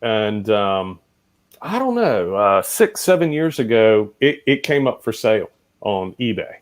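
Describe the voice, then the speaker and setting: A man's voice: lowish voice, very animated, unhurried. A man chatting as an interview guest, hesitant and meandering as he recalls an old guitar. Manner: hesitant, many fillers and restarts. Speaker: guest musician. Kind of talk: casual storytelling.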